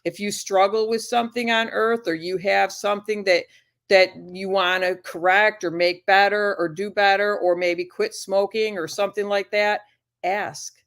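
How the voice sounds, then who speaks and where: A shy woman appears as a guest on a casual talk show. She speaks gently and haltingly, pauses often and restarts her phrases, and keeps a soft, earnest way of talking. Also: mid-range voice, steady tone.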